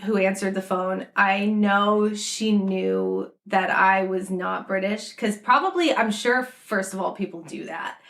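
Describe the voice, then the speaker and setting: A woman co-hosting a podcast, telling a story in an animated way, laughing and swearing. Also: medium pitch, a little slow, vocal fry, hardly any pauses. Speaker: podcast co-host. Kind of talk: casual storytelling chat.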